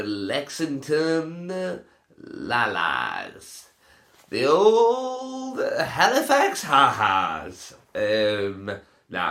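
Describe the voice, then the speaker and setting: A man's voice: low voice, fairly bright tone. Rambling man, roomy sound. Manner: rambling, laughing, sweary storytelling. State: stoned. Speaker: podcast host. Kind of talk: casual solo podcast chat. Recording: roomy echo.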